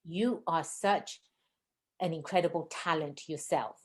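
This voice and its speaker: A woman hosting a podcast interview, talking fast and effusively in a casual chat. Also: low voice. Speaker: podcast host.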